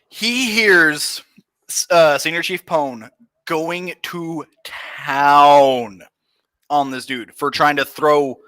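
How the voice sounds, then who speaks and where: Bright-voiced young man swapping navy stories. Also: on the high side, dry recording. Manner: profane, loose storyteller. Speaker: podcast guest. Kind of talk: casual storytelling chat.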